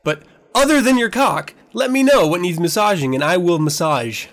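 A man's voice: sits high, lively intonation, moderate pace, fairly bright tone. A man hosting his own podcast, talking candidly and with a lot of profanity, emotional as he relives a painful moment. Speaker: podcast host. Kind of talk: casual podcast monologue.

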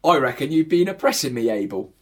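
A man doing an exaggerated Cockney geezer, cheeky and mock aggrieved, his voice swooping up and down as he leans on each complaint. It has the husky edge of a home podcast comedy skit. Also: on the high side, sing-song, fast talker, voice pushed up. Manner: exaggerated, put-on.

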